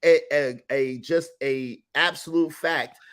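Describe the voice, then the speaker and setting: A man's voice: a little high, slow pace, clean tone. A man hosting a podcast panel in a somewhat raised voice. He jumps into the talk, uses plenty of slang, and reacts with animation to what his guests and viewers say. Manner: animated, interjecting, slangy, reads out chat comments. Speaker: podcast host. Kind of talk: casual panel discussion.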